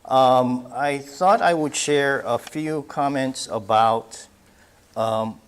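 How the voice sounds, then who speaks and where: A man, an author, giving an unhurried public talk and reading quotes, with frequent ums and uhs. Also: medium pitch, smooth.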